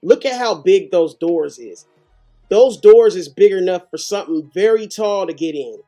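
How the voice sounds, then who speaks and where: A man's voice: sits high, expressive, moderate pace, dark tone, soft background music. A man hosting a live reaction show, commenting animatedly with heavy slang and profanity. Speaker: host.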